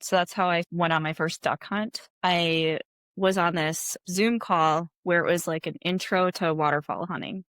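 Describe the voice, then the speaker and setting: A woman's voice: on the low side, fairly even intonation, moderate pace, a bit bright, no echo. A woman from Wisconsin in her thirties, a guest chatting casually in an interview, laid-back and full of "like" fillers.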